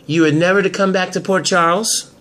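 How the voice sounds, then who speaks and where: A man voicing a confident woman lawyer in an amateur soap drama, making firm, drawn-out threats. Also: sits high, steady tone, fairly bright tone, a little hiss or hum. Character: sharp, confident woman lawyer, cornering a blackmail target.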